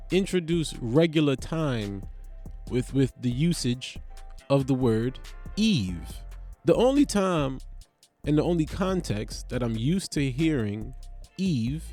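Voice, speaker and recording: A man's voice: mid-range voice, darkish tone. A young man hosting a podcast in loose, profane, rambling casual chat that jumps from topic to topic. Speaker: podcast host.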